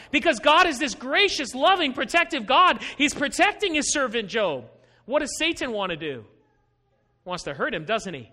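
A man with a very high, bright voice preaches a Bible-teaching sermon. He talks patiently and asks many questions, with lively swings in pitch. His words ring out under a long hall reverb.

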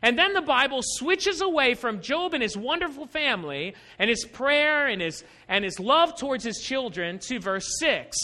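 A man with a very high, bright voice preaches a Bible-teaching sermon. He talks patiently and asks many questions, with lively swings in pitch. His words ring out under a long hall reverb. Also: normal speed, few pauses.

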